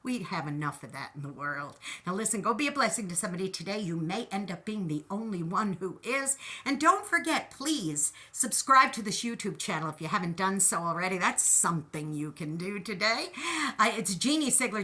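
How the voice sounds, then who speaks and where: A woman host giving an animated, encouraging talk, telling stories and playfully acting out quotes. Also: medium pitch, moderate pace. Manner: animated, storytelling with playful voices. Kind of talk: inspirational talk.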